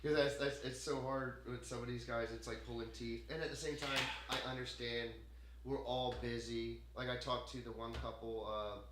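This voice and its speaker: A man hosting a casual podcast, talking in a rambling, animated way with plenty of swearing and laughter. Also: medium pitch, moderate pace, roomy sound, heavy background noise. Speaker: podcast host. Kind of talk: casual chat. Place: room in a home.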